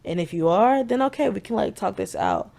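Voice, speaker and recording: A woman's voice: medium pitch, animated, a little fast, creaky, darkish tone. A woman in her twenties with a Southern US accent, co-hosting a podcast in frank, profane casual chat full of "like". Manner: frank and profane, heavy use of "like". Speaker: podcast co-host.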